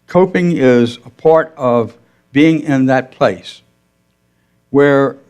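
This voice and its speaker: A middle-aged male minister giving a gentle, conversational sermon in a church, telling stories with quoted dialogue and asking his listeners questions. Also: mid-range voice, very slow, clean tone. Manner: conversational, asks the congregation questions. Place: church sanctuary.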